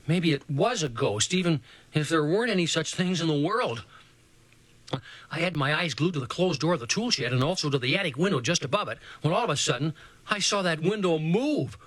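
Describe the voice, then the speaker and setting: A man narrating a first-person spooky story aloud, slowing down for suspense. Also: a little high, animated, fairly bright tone, husky, no echo, low-quality recording. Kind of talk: storybook reading.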